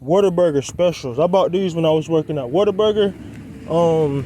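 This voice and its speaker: A young car vlogger, a man with a fairly high, warm voice, chats brisk and loose with his viewers, calling them y'all, while he works on his car on a quiet roadside outdoors. He's a little out of breath and rambles casually, and there's a slight hiss or hum on the recording.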